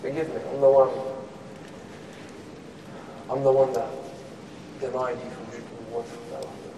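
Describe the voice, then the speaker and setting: A man's voice: medium pitch, level tone, moderate pace, dark tone, lo-fi sound, slight background noise, lightly acted. A man voicing a repentant male warrior who begs forgiveness in a pleading, chanted lament. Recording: echoey hall, mic far off.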